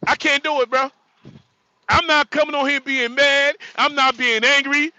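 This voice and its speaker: High bright joking trucker man. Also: steady tone, normal speed, no echo, highs cut off. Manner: joking, repetitive, frequent laughter. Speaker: livestream host; truck driver. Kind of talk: casual livestream talk.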